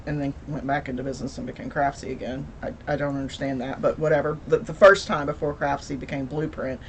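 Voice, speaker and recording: A woman's voice: a bass voice, fairly even intonation, fast talker, a little hiss or hum. A woman co-hosting a podcast, chatting casually with wry, self-mocking humor. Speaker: podcast co-host. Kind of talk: casual chat.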